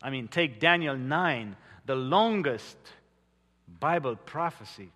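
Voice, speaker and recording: A male pastor delivers a sermon slowly, with earnest storytelling and dramatic pauses. His voice is bright and slightly high for a man. It rings out in a large hall with a long reverb. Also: expressive.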